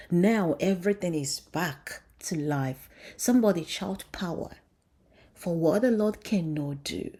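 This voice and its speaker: A woman's voice: on the low side, warm tone. A woman vlogger giving an emotional commentary, speaking emphatically and preachily and blessing her viewers directly.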